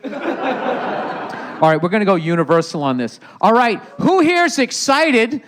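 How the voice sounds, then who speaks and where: A male comedian on stage at a live taping, throwing out sarcastic, profane asides and needling the crowd. His voice sits high for a man. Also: big pitch swings, takes it slowly. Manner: sarcastic, profane, riffing with the audience. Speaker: comedian host of a podcast. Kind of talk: live stand-up podcast taping with crowd work.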